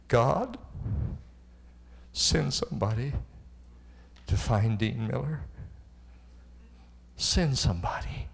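A middle-aged man preaching a sermon, telling his own story and rising to impassioned, high-pitched delivery. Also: darkish tone. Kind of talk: sermon testimony.

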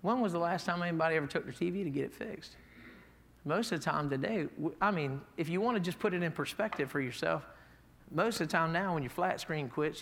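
A man's voice: on the high side, creaky. A man preaching a sermon as pastor, in a folksy, emphatic way, reading scripture. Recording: echoey hall.

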